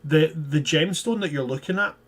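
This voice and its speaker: A man narrating as game master of a tabletop game, jokey and quick to laugh while describing scenes. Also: a little high, husky.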